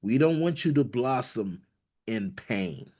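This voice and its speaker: A man speaking slowly and deliberately as he channels messages from higher beings. His voice sits at an ordinary middle pitch, and he laughs easily between gentle, repetitive encouragements. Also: expressive. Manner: laughs often, warm repetitions, playful corny humor; switches between relayed beings and quoted voices. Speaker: spiritual channeler. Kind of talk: channeling session, relaying messages.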